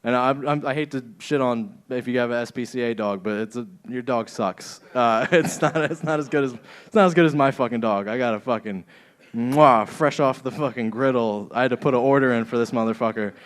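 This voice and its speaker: A man's voice: mid-range voice, brisk, clear, resonant tone. Crude rambling stand-up comedian man. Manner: crude, rambling, laughs at own jokes. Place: comedy club stage.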